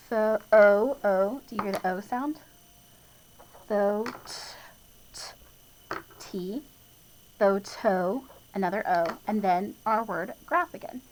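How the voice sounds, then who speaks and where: A woman's voice: medium pitch, a little hiss or hum, poor audio. A woman teacher giving a spelling lesson to young children, patiently spelling words letter by letter, sounding out each part and chuckling at her own slips.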